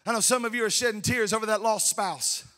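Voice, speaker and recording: A man preaching a sermon, fervent, swinging between shouted peaks and hushed tender asides. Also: sits high, fast. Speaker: pastor. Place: church sanctuary.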